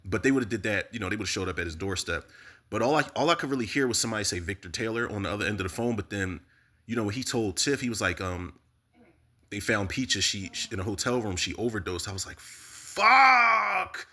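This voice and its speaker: A man casually recapping a TV episode, animated and profane, talking straight to his viewers. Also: on the low side, quick pace. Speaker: TV recap host.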